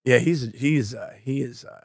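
A man's voice: medium pitch, measured pace, slightly rough, no room sound. Podcast co-host, American man, self-deprecating and meandering, dry studio sound. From United States. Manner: rambling, self-deprecating, searches for words. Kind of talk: casual chat.

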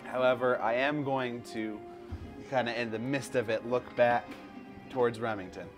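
A man playing a tabletop game, describing his character's actions in a relaxed, deliberate way. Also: mid-range voice, over music. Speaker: player. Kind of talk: casual tabletop play.

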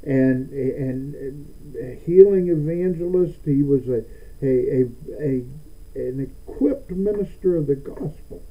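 A man's voice: on the high side, slow. A man preaching a sermon as pastor, often stammering and repeating words, building to emphatic declarations. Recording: tinny phone-like sound.

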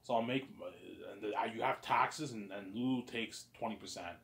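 A man's voice: fairly low pitch, moderate pace, creaky, fairly bright tone. A man in a casual monologue who rambles and uses lots of "like" and "man" and some swearing. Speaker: channel host.

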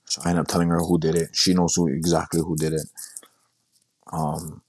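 A young man with a very deep voice recounts his story in a halting, repetitive way and keeps quoting himself. The sound is dry and close, with no room around it. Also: monotone, a little mellow, breathy edge, no room sound. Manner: halting, repeats words, quotes himself. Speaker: guest sharing his story. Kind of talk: casual storytelling.

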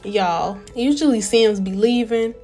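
A young woman giving casual, animated let's-play commentary and talking straight to her viewers. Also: a little high, unhurried, soft background music. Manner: chatty, animated, talks to viewers as y'all. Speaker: gameplay narrator.

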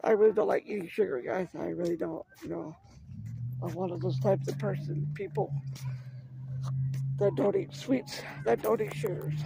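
Gravelly high-voiced man vlogging outdoors. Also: moderate pace, heavy background noise. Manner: rambling, chatty, talks straight to viewers. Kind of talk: casual walking vlog. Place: outdoors on a neighborhood street. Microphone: phone camera held while walking.

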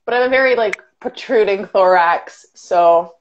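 A woman's voice: mid-range voice, normal speed, a little hiss or hum. Playful guest, woman in her late twenties, jokey casual chat, muffled lo-fi call audio. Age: late 20s.

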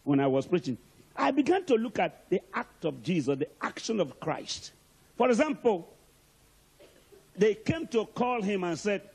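Husky, animated male preacher. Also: sits high, normal speed. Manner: emphatic, calls out to the congregation. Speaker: archbishop, preacher. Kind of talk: sermon.

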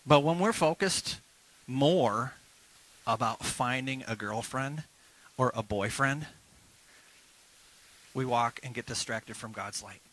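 A male pastor preaching a lively sermon at a church service, urging the congregation to repeat phrases after him. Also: mid-range voice, takes it slowly, pauses often, poor audio.

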